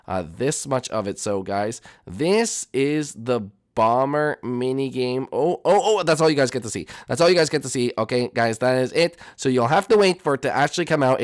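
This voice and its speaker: A man hosting his gaming roleplay channel in a casual way, talking haltingly with many fillers. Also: mid-range voice, no room sound, studio quality. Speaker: channel host. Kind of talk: casual video roleplay host talk.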